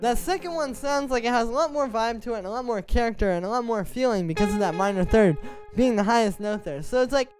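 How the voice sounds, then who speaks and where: A man, a music producer, explaining melody writing in a relaxed, conversational tutorial, stepping through his points one by one. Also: extremely high pitch, quick pace. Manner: conversational, explains step by step while playing examples. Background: synth music playing.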